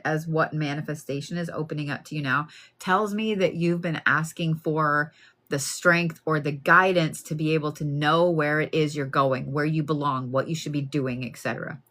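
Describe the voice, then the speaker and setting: A woman gives a live card reading. She talks plainly and casually, with animated asides, addressing the listener directly. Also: low voice, normal speed. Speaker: card reader.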